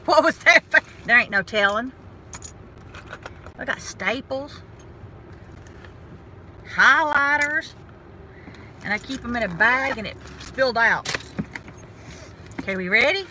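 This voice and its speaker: Bright-voiced North Georgia woman vlogging from the driver's seat, chatty and folksy, mic on the sun visor, light road hum. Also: fairly high pitch, slow, long pauses. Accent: Southern US (North Georgia). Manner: chatty, folksy, self-mocking. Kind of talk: casual chat while driving. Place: inside her car. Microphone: phone or camera clipped to the sun visor. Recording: faint road noise in a car. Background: road and car noise.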